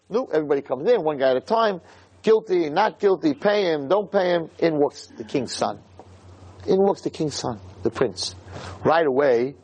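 A man giving a storytelling sermon as a religious lecturer, in a conversational, animated way. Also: medium pitch, breathy edge.

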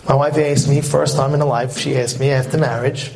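A man giving an animated lecture on marriage as a religious teacher, telling stories and asking rhetorical questions. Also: medium pitch, brisk, vocal fry.

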